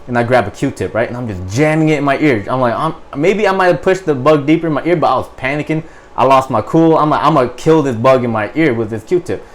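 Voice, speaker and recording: Young man telling a story animatedly. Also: medium pitch. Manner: animated, profane, many fillers. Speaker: podcast guest, Marine. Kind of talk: casual storytelling.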